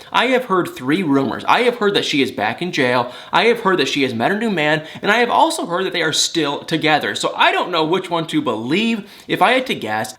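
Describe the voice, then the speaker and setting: A man's voice: a little high, a bit bright. A man recapping a reality TV show in a casual vlog, opinionated and exasperated. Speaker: reality TV commentator.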